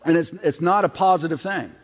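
A man's voice: a little high, a little fast. A middle-aged man preaching a sermon as a pastor, talking conversationally and acting out quotes from his family life. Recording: long reverb of a large hall.

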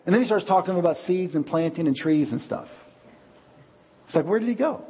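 A man preaching a sermon as pastor, telling stories with lively acted-out quotes. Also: high voice, brisk, slightly rough. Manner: animated storytelling, acts out quotes. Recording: dull audio with long hall reverb.

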